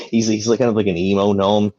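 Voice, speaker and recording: A man's voice: lowish voice, mellow, no echo, highs cut off. A man narrating as game master of a tabletop game, casual and loose, full of fillers.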